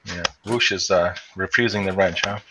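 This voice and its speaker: Speaking low and at a moderate clip, a US man from around Chicago chats loosely as a stream co-host. He keeps restarting and dropping fillers, and the audio is dull, lo-fi, and steadily noisy.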